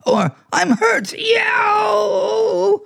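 A man's voice: very high-pitched, very animated, extremely slow, vocal fry, fairly bright tone, heavily acted. An actor playing a clever, bossy talking male house cat in a 1940s radio play, smug and theatrical. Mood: scheming.

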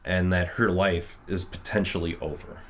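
Deep-voiced man recapping a film. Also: level tone, normal speed. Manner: rambling, full of fillers, acts out quotes. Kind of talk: casual film recap chat.

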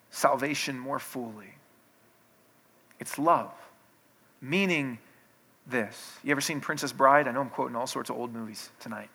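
A man's voice: medium pitch, sharp tone, slightly rough. A man preaching a sermon in a conversational way, with restarts, building in intensity. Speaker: pastor.

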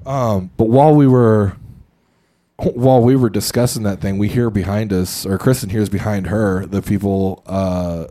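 A man's voice: fairly low pitch, fairly even intonation, normal speed, mellow. A young man co-hosting a podcast, telling a story in a rambling, casual way with lots of fillers and swearing. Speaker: podcast co-host.

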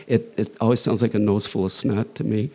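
A man's voice: fairly low pitch, level tone, brisk, a little mellow. A middle-aged American man introducing a guest speaker at a talk, rambling with restarts and joking asides. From United States. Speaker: society president introducing a speaker.

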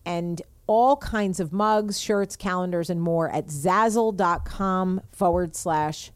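A woman's voice: on the low side, takes it slowly, dry recording. A woman hosting a casual chat podcast, brash and self-promoting, bossing her co-host around.

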